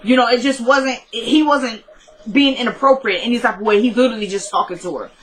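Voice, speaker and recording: A woman's voice: on the high side, fast, a bit bright, low-quality recording. Woman, chatty, casual recap, conversational storyteller. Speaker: show recap host.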